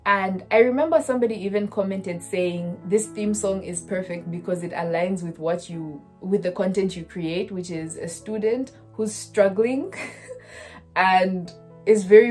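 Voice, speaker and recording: A woman's voice: medium pitch, moderate pace, mellow, faint music behind. A woman in her twenties telling a personal story in a vlog, earnest and often checking in with the listener. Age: 20s. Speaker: student vlogger.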